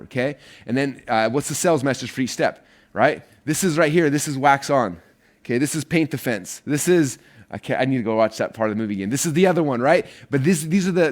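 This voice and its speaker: A man teaching an online marketing course in a casual, energetic way, rambling a bit and using many fillers. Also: mid-range voice, quick pace.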